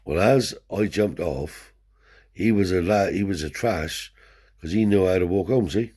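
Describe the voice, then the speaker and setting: A man's voice: deep voice, measured pace, warm tone, husky. An older man, a Romany traveller telling rambling stories in broad dialect, peppered with swearing and "see?". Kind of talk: rambling oral storytelling.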